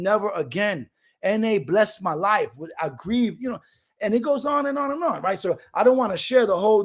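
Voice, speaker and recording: A middle-aged man from Brooklyn gives an animated, streetwise recovery testimony over a video call. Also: sits high. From Brooklyn, New York. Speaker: recovery speaker.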